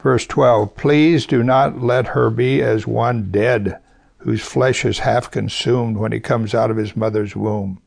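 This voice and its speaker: A man's voice: mid-range voice, fairly even intonation, slow, creaky, darkish tone. A man preaching a sermon, reading verses aloud and explaining them in a conversational way, with rhetorical questions and light chuckles.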